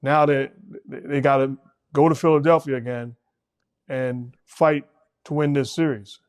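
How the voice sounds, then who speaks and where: A man's voice: medium pitch, flat delivery, unhurried. A middle-aged man hosting a casual basketball talk show, speaking emphatically and repeating words when he presses a point. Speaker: host, former coach.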